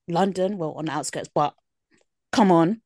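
A woman co-hosting a podcast, giving quick, frank commentary in a casual chat. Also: fairly low pitch, darkish tone, dry recording, studio quality. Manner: fast, frank commentary on reality TV. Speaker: podcast co-host.

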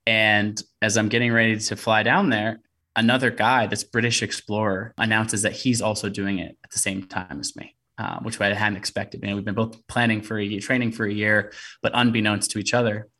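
Podcast guest, a man with a lowish voice, earnest storyteller. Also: flat delivery, fairly quick, pushed and bright. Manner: earnest storytelling, many "you know" fillers. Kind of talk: storytelling interview.

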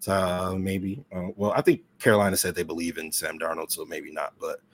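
A man with a low, husky voice, a guest on a casual sports chat over a remote call. He rambles enthusiastically, stumbling and correcting himself as he goes. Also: fairly even intonation, brisk. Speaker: podcast guest, brand president.

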